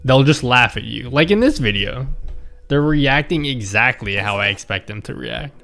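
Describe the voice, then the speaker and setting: A man's voice: mid-range voice, animated, moderate pace, creaky, sharp tone, soft background music. A man from the Philippines chatting casually on his stream, rambling, chuckling and answering his chat.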